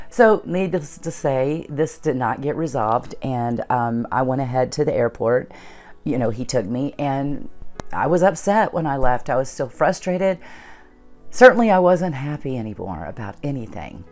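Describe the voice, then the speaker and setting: A woman's voice: a bass voice, lively intonation, moderate pace, a little mellow, faint music behind. A middle-aged woman hosting her own channel, earnestly retelling a personal story and acting out the dialogue. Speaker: channel host.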